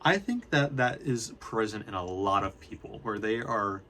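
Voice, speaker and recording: A man's voice: on the low side, animated, moderate pace, bright, forceful tone. A young man, a student vlogger, talks casually and unscripted, rambling and correcting himself as he goes. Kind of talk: casual unscripted talk to camera.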